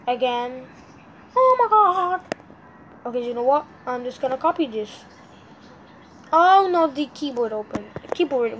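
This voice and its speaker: A sleepy woman vlogger with a high voice rambles over a noisy background. Easily frustrated, she talks straight to her viewers in casual screen-recording commentary.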